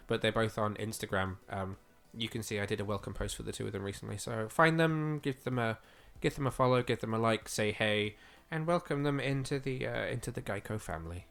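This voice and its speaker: A man's voice: medium pitch, fairly quick, vocal fry, few pauses, fairly bright tone, faint music behind. A man co-hosting a podcast, chatting eagerly with lots of fillers, his voice slightly going. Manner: chatty and enthusiastic, with frequent fillers. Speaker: podcast co-host. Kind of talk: casual podcast chat.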